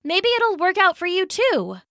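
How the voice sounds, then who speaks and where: A woman gently narrating a children's bedtime story with expressive delivery. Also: extremely high pitch, measured pace, no echo, clean studio sound.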